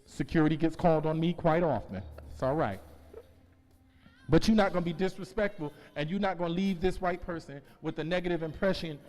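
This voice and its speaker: A man with a New Jersey accent, co-hosting a radio show, telling profane comic stories and ranting loudly. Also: a little high, a little fast, long reverb tail. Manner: profane, animated storytelling, gets loud. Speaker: co-host.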